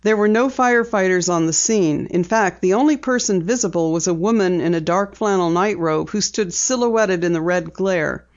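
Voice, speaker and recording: A reader giving steady, measured narration of a mystery novel. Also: medium pitch. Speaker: audiobook narrator. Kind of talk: scripted narration. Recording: dull lo-fi recording.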